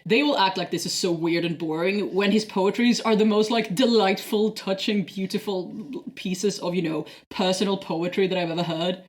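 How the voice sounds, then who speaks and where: A woman co-hosting a podcast in casual chat, animated and swearing freely. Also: mid-range voice, normal speed, few pauses. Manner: animated, swearing, acts out quotes. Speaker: podcast co-host.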